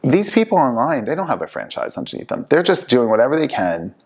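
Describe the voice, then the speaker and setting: A man hosting a casual talk show, telling lively stories and acting out the people he quotes. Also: mid-range voice, quick pace. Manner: animated storyteller, acts out quoted people. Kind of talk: casual chat.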